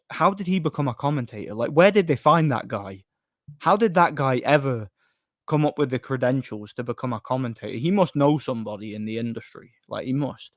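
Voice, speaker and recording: A man's voice: mid-range voice, no room sound, studio quality. A man, hosting a live stream and chatting bluntly about boxing while reading out comments. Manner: blunt, opinionated, rambling with restarts. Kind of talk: casual stream talk, reading chat.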